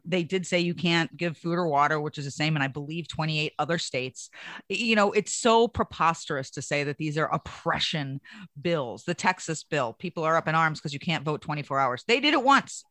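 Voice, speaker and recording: A woman on a political panel, arguing in a brisk, dismissive way. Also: low voice, a bit bright, dry recording. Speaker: political commentator.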